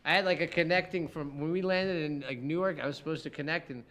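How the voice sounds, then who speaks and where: A middle-aged man hosting a podcast, telling a travel story in casual chat, animated, swearing often and acting out what people said. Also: a little high, fast. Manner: animated, swears a lot, acts out quotes. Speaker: podcast co-host.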